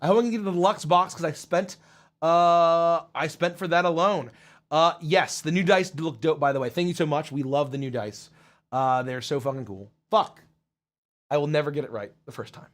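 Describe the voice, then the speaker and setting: A man hosting a live stream, reading out chat comments with loud excitement and casual swearing. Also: normal speed. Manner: excited, swears casually, swings from loud hype to low mumbles. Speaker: livestream host.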